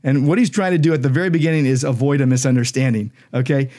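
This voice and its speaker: A man's voice: medium pitch, fast talker, mellow. A man, a pastor and podcast co-host, explaining Bible verses in an emphatic, conversational teaching style. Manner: emphatic, explanatory, reads scripture aloud.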